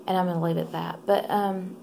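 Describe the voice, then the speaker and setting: Gravelly, half-whispering woman. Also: fairly low pitch, level tone, fast talker, background noise. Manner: soft, half-whispered and rambling. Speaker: vlogger. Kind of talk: casual late-night vlog.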